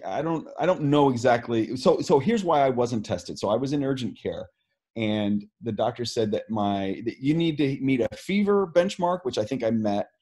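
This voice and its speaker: A man's voice: lowish voice, a little mellow. A man, speaking as an interviewed scientist, explaining earnestly with many fillers and restarts. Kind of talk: video call interview.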